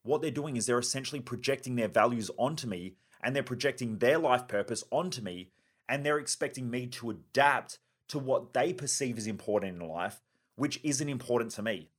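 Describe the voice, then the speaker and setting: A man's voice: mid-range voice, expressive, a little fast, husky. A man hosting a self-help podcast, delivering a blunt, driven, emphatic monologue with casual swearing. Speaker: podcast host.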